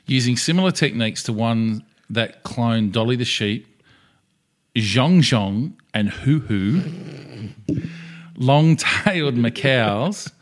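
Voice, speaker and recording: A man co-hosting a podcast, chatting casually in a rambling, jokey way. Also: medium pitch. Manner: rambling, jokey, trails off and restarts. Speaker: podcast co-host. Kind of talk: casual chat.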